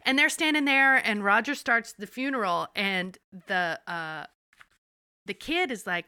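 A woman co-hosting a podcast, telling an episode's story in an animated, profane way. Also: mid-range voice, unhurried, clear, resonant tone, dry recording, clean studio sound. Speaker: podcast co-host. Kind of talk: casual episode recap.

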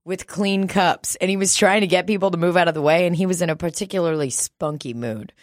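A woman's voice: fairly low pitch, brisk, dry recording, clean studio sound. A woman chatting casually, swearing freely, laughing often and acting out what people said. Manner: crude, laughs often, acts out quotes. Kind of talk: casual chat.

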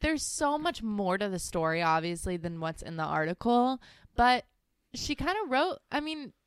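Brief: young woman co-host, gabby and animated, recorded close and dry. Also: medium pitch, normal speed, smooth, no room sound. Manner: chatty, excitable, many "like" fillers. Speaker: podcast co-host. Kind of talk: casual chat.

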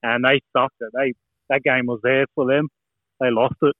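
A man's voice: medium pitch, little pitch movement, normal speed, no echo. A man from New Zealand co-hosting a casual sports podcast, chatty and blunt. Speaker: podcast co-host. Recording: dry, tinny phone-like line.

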